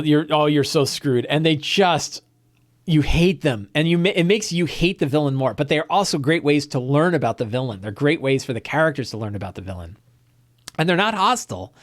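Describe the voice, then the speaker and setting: A man's voice: a little high, lively intonation, moderate pace. A man, the host and game master, casually retelling a tabletop session with laughter and frequent restarts. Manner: rambling, laughing, many fillers and restarts.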